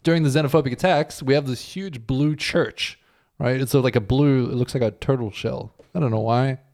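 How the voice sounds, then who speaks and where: A man from South Africa telling stories with dark humor as a podcast co-host, laughing often. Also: mid-range voice, fairly quick, creaky. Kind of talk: casual podcast chat.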